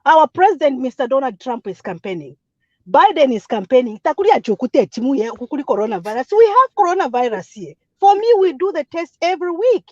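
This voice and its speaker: Animated woman on a dull dry line. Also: high-pitched, a little fast, dry recording. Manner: code-switching, emphatic and repetitive. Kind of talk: impassioned political call-in comment.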